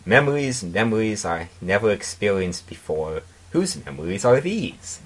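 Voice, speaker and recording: A man's voice: fairly low pitch, big pitch swings, moderate pace, slightly rough, exaggerated voice. A man voicing a gloomy, puzzled young male alicorn pony in a raised, plaintive voice for a comedic fan-fiction reading.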